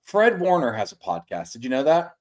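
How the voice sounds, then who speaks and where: A man co-hosting a casual sports podcast, talking quickly at a mid pitch. He gets worked up and swears as he tells a story. He sounds like he is speaking into a home mic on a video call. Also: very animated, a little mellow. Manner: fast, worked-up, profane storyteller. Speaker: podcast co-host.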